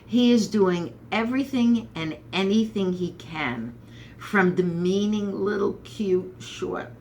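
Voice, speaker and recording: A Brooklyn, New York woman hosts a political commentary monologue that rambles, drips with sarcasm, and is full of animated asides. Her voice sits mid-range and moves at a slow pace. There's a little hiss or hum on the recording.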